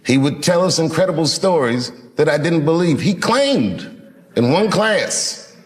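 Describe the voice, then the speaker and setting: A man in his fifties from Washington, D.C., telling a reflective story to an audience in a measured, unhurried way with dramatic pauses. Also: a little high, lively intonation. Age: 50s. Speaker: comedian.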